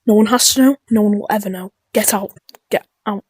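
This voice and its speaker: A woman giving chaotic, dark-humored let's-play commentary, muttering and often dropping into whispers. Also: mid-range voice, fairly quick, husky, no echo, clean studio sound. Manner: drops into whispers. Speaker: gaming YouTuber.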